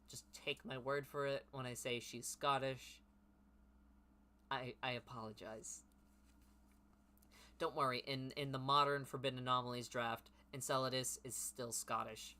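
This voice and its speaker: A man's voice: mid-range voice, bright, forceful tone. A man reading his old teenage story aloud and mocking it with sarcastic, profane commentary. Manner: sarcastic, self-mocking, swears.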